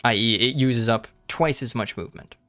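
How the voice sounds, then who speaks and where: A man running a tabletop game on a stream, narrating in an unhurried way with many pauses and fillers. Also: mid-range voice, pushed and bright, no echo, soft background music. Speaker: game master.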